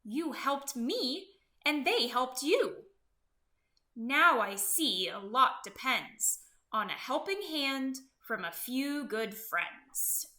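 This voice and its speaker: A woman's voice: high-pitched, big pitch swings, takes it slowly, sharp tone, roomy sound, heavily acted. A woman voicing a big, boastful male dump truck in a storybook reading. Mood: grateful.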